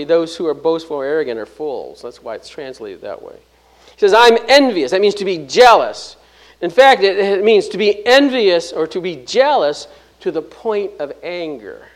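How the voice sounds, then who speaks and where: High-voiced preacher man, emphatic. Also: rough recording. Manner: emphatic with frequent restarts and repeated words; swings between loud stresses and low soft drops. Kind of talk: expository sermon.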